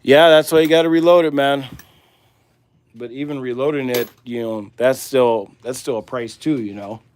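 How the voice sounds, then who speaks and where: A livestream host with a Midwestern American accent chats casually while working on a task, rambling in a laid-back way. His mid-range voice has fairly even intonation and a moderate pace, with slight background noise.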